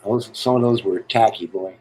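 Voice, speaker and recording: A man with a lowish, darkish voice and a moderate pace swaps crude, meandering military stories and jokes during casual live-stream storytelling, cracking himself up. The rough recording has slight background noise.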